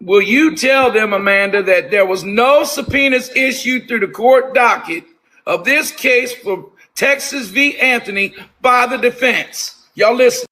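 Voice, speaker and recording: A man's voice: very high-pitched, a little slow, pushed and bright, poor audio. A man joining the stream, coaxing others insistently to speak up. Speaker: stream guest.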